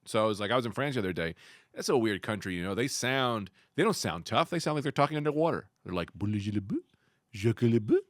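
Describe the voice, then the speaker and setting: Male comic co-host, lively bright delivery, dry close-mic sound. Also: mid-range voice, fast talker, no echo. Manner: animated storytelling, acts out lines. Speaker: comedian podcast co-host. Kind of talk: casual comedic chat.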